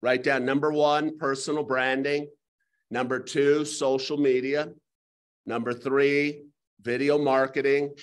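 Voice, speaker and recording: A middle-aged man teaching a live real estate class, talking in a folksy way and telling stories with quick asides. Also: medium pitch. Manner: folksy, storytelling, rapid asides.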